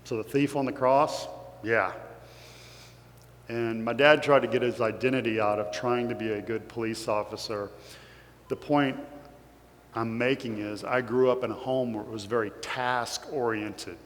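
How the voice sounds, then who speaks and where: Speaking at normal speed with fairly even intonation, this Kentucky man has a mid-range voice and a Kentucky accent. He's a guest speaker giving a heartfelt, emotional motivational talk to a crowd in a big hall, captured with echo and a faint hum.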